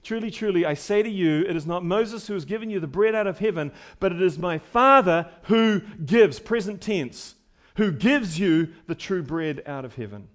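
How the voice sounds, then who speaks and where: A pastor preaching a sermon to his congregation, emphatic, his voice swinging between loud and quiet. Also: animated, moderate pace. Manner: emphatic preaching with wide swings in pitch and loudness.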